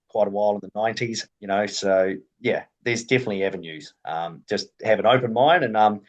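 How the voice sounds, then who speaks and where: A man from Australasia, a rally team technician, chatting casually as a podcast guest, relaxed and rambling with many fillers. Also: lowish voice, muffled recording. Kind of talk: casual interview chat.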